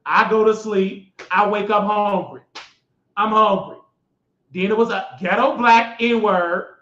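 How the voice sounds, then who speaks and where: Brief: emphatic male host, high voice, repeats himself, tells stories loudly, dull lo-fi sound. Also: takes it slowly. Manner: emphatic, repetitive, bursts into shouting. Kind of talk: animated storytelling monologue. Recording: echoey, dull lo-fi recording.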